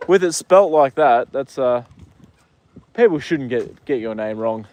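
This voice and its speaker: Relaxed Australian male host, casual outdoor stream chat, talks to his horse between comments. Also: mid-range voice, unhurried. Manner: easygoing, chats to his horse and reads viewer comments. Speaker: livestream host.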